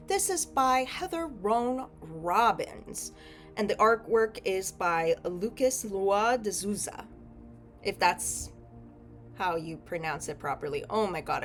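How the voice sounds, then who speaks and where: A young woman giving a casual tarot reading, rambling and correcting herself, often checking in with "okay?". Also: mid-range voice. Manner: chatty, rambling, frequent self-corrections and "okay?". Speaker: tarot reader.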